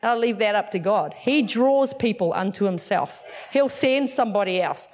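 A woman pastor, telling a story in a sermon and acting out the dialogue. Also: normal speed. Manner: animated, acts out dialogue with big swings in pitch.

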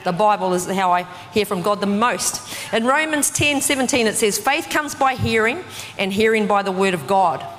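A woman preaching a sermon in a conversational, animated way, full of casual fillers. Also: mid-range voice, moderate pace, a little hiss or hum. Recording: distant voice with long hall reverb.

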